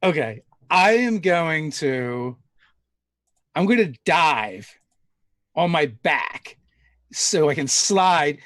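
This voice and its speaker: Eager male player, slightly high voice. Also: lively intonation, drawn-out words, pauses often, fairly bright tone, dry recording, clean studio sound. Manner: eager, playful, asks questions. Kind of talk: casual tabletop play.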